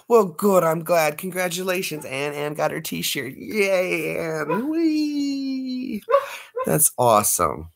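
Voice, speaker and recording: A man's voice: a little high, animated, slow pace, gravelly, slight background noise. A man hosting a late-night livestream, chatting with viewers in a playful, joking way. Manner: playful, jokey, slips into put-on accents. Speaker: livestream host.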